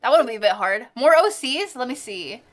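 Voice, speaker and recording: Bubbly high-voiced woman streamer. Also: animated, brisk. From central United States. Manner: bubbly and giggly, with sudden squeals. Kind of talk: casual live stream chat.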